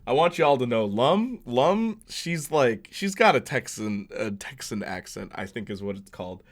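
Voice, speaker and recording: Young male streamer, loose rambly gaming chat, pitch swinging up and down, laughs a lot. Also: sing-song, normal speed. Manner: rambling, laughs often, many restarts.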